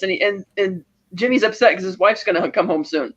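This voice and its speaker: A man co-hosting a podcast talks fast in a rambling, chatty retelling. His voice sits high for a man. The podcast audio is dull and lo-fi. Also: animated, a bit bright. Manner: rapid, rambling retelling full of laughs. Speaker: podcast co-host. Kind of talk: casual movie recap chat.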